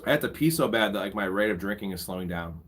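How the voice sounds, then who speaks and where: A man's voice: lowish voice, expressive, quick pace, a bit bright, a little hiss or hum. A young man casually commentating a live fantasy football draft, bantering with his chat and swearing freely. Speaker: fantasy football streamer host.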